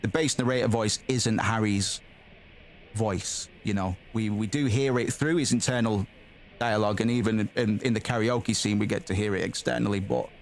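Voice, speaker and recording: A man's voice: on the low side, creaky, a little hiss or hum. A man streaming a game, reading its text aloud and chatting bluntly, swearing freely and calling the audience "man" and "bro".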